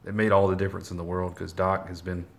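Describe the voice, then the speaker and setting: A man's voice: deep voice, fast, vocal fry. A man from Alabama with a mild Southern accent, chatting casually at home while playing with kittens. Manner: relaxed, chatty, talks to the cats. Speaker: kitten foster carer. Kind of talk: casual chat.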